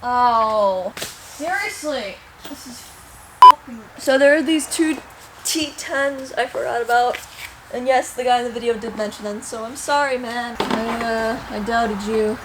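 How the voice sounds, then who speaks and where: A woman's voice: on the high side, measured pace, very noisy. A woman casually chatting while working on her car, blunt and self-mocking, swearing freely. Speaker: car DIY vlogger. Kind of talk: casual workshop chat.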